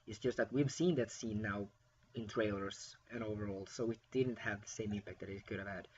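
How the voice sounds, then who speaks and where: A man's voice: on the low side, brisk, muffled recording, a little hiss or hum. A man giving a casual, rambling film review, with frequent fillers and restarts.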